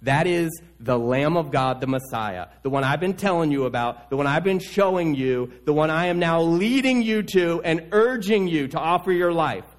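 A man's voice: a little high, animated, normal speed, hardly any pauses, natural voice. A man voicing an urgent male prophet in a sermon, insistent and pleading as he points someone out.

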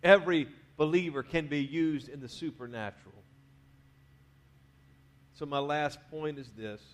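In a church sanctuary, a pastor delivers a sermon in a conversational style, letting his phrases trail off quietly and then rising to urge the congregation on. His voice is on the high side and a little slow.

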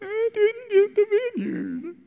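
A man voicing a spoiled grown king who whimpers and sobs like a child in a high, whiny voice. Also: a little slow, big-room sound, narrow, tinny audio. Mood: whining. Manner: whiny, sobbing, high-pitched.

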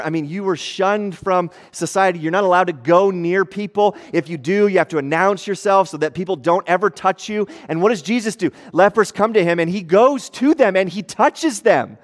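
Man preaching in a reverberant hall. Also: high voice. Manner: conversational preaching, shifting from hushed to animated. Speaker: pastor. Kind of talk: sermon.

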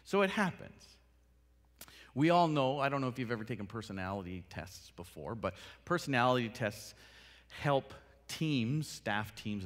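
Animated man teaching in a reverberant hall. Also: lowish voice. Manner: animated, acts out little dialogues with laughs. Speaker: workshop speaker. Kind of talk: casual talk on listening skills.

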